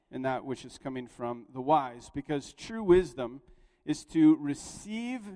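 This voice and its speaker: A man's voice: medium pitch, warm tone. A man preaching a sermon as pastor, telling a story in a conversational way and building to emphatic points. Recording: long reverb of a large hall.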